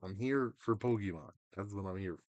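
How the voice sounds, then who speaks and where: Casual gaming ranter, male, deep and dry-sounding, profane and exasperated. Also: a little fast, dry recording, highs cut off. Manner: exasperated, profane, mocking voices; swings between loud outbursts and muttering. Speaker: gaming commentator. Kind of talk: casual rant to camera.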